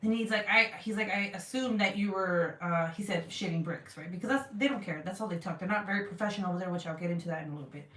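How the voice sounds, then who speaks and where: Woman telling a profane, animated story. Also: on the low side, fast talker, few pauses. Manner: animated, profane, acts out quotes in her retelling. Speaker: craft vlogger. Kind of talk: casual storytelling chat, reading live comments. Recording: roomy sound from a distance.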